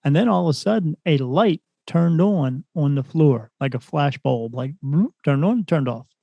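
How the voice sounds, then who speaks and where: A man's voice: on the high side, moderate pace, gravelly, no echo, muffled recording. A man telling a story as a podcast guest, a spirit medium, retelling events animatedly and acting out other people's lines. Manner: animated retelling, acts out quoted voices. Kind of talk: casual storytelling.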